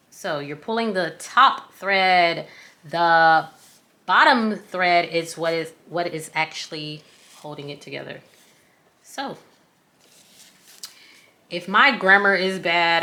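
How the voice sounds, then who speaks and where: Southern lady doing a chatty sewing tutorial, kinda low voice but bright and folksy. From American South. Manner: chatty, self-deprecating, folksy. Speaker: craft tutorial host.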